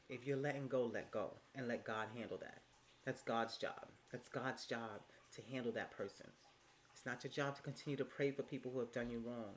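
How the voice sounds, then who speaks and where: A woman vlogger giving casual, motivational life advice, emphatic and repetitive, with swearing and endearments thrown in. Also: slight background noise. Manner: swings from low and hushed to high and loud.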